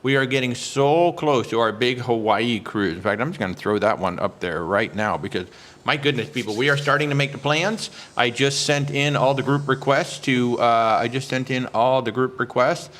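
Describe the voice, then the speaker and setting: A chatty, excitable man hosts a casual live stream about cruises and greets his viewers by name. His voice sits at an ordinary, middle pitch. He often trails into filler sounds as he searches for words. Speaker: travel agent hosting a live cruise Q&A.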